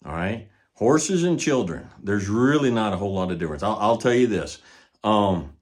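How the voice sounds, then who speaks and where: An older man and horse trainer talking casually in a folksy, storytelling way, often sinking to a low murmur. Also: animated, moderate pace. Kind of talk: casual teaching talk.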